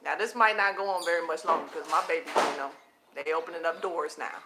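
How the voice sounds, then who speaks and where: A woman hosting her own channel, preaching casually to viewers she calls family, animated and repeating phrases for emphasis, laughing often, recorded at home at night with her children nearby. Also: low voice, quick pace, heavy background noise. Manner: laughs often between points.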